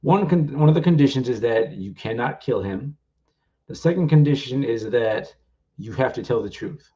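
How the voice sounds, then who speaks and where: Calm reassuring god figure, a guy doing it, kinda muffled audio. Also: mid-range voice, normal speed, lightly acted. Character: God, calm agreeable male deity.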